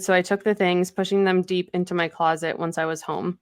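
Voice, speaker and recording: Woman podcaster recapping a novel, lowish smooth voice, dry close sound, lots of um and like. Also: little pitch movement, measured pace, hardly any pauses, no room sound. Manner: chatty retelling with many fillers and acted quotes. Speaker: podcast co-host. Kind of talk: casual book recap.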